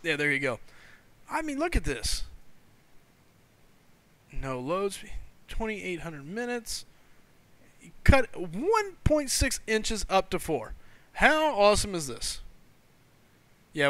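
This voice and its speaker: A man hosting a live stream, chatting excitably, laughing often and reading viewers' comments aloud. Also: sits high, measured pace, long pauses. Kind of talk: casual live-stream chat.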